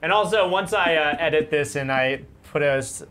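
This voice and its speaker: A joking, offhand man with a voice a little higher than most men's. He speaks casually into a lapel mic in a small room draped with cloth. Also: moderate pace, bright, forceful tone. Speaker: stream co-host and editor. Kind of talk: casual stream chat. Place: small indoor stream room with cloth hanging from the ceiling.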